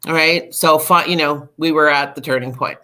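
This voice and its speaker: Her pitch is low and her speed normal as a middle-aged woman, guesting on a podcast, relates the story of her recovery. She's candid and animated, leaning heavily on fillers.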